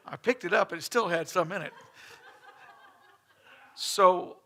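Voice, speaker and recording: A middle-aged man preaches a sermon in a church, his voice pitched high and ringing bright. He talks in a folksy, conversational way, full of restarts and asides to the congregation. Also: husky. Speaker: pastor. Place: church sanctuary.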